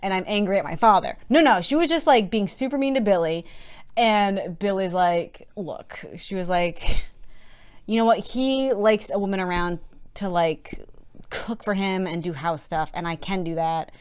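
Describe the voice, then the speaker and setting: A woman's voice: mid-range voice, moderate pace, clear, resonant tone. A woman co-hosting a podcast, recapping a book in casual chat with sarcastic, swearing asides. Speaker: podcast co-host.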